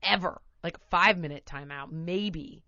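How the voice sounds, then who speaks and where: A woman host telling a long story in casual chat, animated and often laughing, acting out her toddler in voices. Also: on the low side, unhurried, no echo, dull audio.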